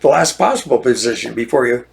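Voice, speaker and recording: Gravelly older man ranting indignantly. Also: medium pitch, lively intonation, quick pace. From United States. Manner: indignant, repetitive, restarts phrases. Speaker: retired lawyer. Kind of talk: monologue rant.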